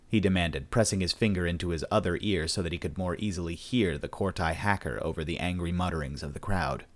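A man narrating a sci-fi audiobook in a steady, measured storytelling voice. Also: low-pitched.

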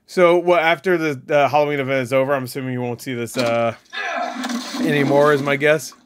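A man hosting a casual reaction video, rambling and excitable, thinking aloud with many fillers and restarts, laughing and swearing often. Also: medium pitch, brisk, background noise.

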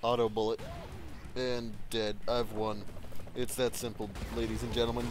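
Young man, gameplay commentary, swears a lot, sudden yelling, faint game music behind. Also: mid-range voice, normal speed. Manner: excitable, swears often, sudden loud outbursts. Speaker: gaming video creator.

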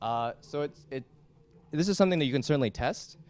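A young man giving a classroom lecture as a student instructor, talking in a halting way with many restarts. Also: fairly high pitch, lively intonation. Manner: halting, frequent restarts and fillers. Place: lecture hall.

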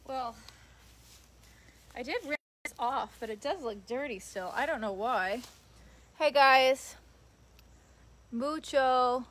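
A woman's voice: on the high side, measured pace, long pauses, low-quality recording. A young woman hosting a casual livestream outdoors, chatting with viewers and reading their comments as she works. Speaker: livestream host. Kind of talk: casual live chat while working. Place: outdoors on grass. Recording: loud sanding noise in background.

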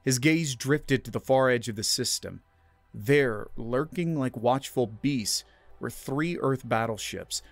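Male narrator for a sci-fi audio story, middle pitch, measured and dramatic, dry close sound. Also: no echo. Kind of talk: scripted narration.

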